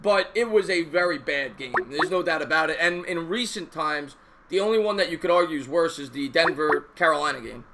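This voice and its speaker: A man in his thirties with a New York accent hosts a live sports call-in show. His voice sits high and his chat is loose and repetitive. There is a clear layer of hiss and noise under the stream. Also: a little fast. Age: 30s. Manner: chatty, laughs easily, repeats himself.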